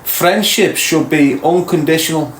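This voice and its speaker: A man's voice: on the high side, unhurried, echoey room, slight background noise, low-quality recording. A man from Liverpool with a Scouse accent, hosting a live stream and lecturing his viewers bluntly. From Liverpool, England. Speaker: podcast host.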